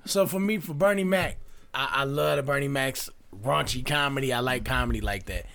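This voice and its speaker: A man co-hosting a podcast, telling an animated story in casual chat with frequent restarts. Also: mid-range voice, brisk, creaky. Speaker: podcast co-host.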